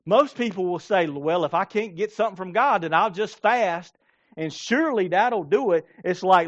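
Animated high-voiced male pastor preaching. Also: normal speed, dull audio. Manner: animated, acts out scenes with playful voices and laughter. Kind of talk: sermon.

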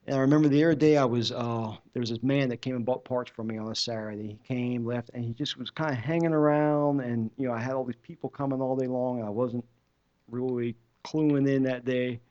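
A man's voice: mid-range voice, steady tone, a little fast, a little mellow. A man giving a personal testimony at a church service, telling his story in a loose, conversational way with many restarts. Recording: dull muffled recording.

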